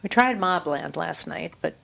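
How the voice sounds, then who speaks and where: A woman co-hosting a casual chat show, giving short, lively reactions and asides. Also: fairly low pitch, a little slow, gravelly, a crowd in the background. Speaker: co-host.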